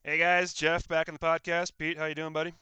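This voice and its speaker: A man's voice: a little high, monotone, fairly quick, pushed and bright, smooth, no echo. A man co-hosting a casual podcast, talking in a friendly, easygoing way. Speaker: podcast co-host.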